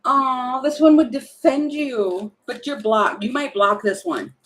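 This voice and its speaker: A woman's voice: high voice, measured pace, poor audio. A woman doing a casual tarot reading, chatty and thinking aloud, often laughing and breaking off. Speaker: tarot reader.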